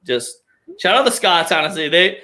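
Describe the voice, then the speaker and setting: A man's voice: on the high side, very animated, moderate pace, bright, forceful tone. A man hosting a casual sports podcast, ranting with heavy swearing and sarcasm. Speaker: podcast host.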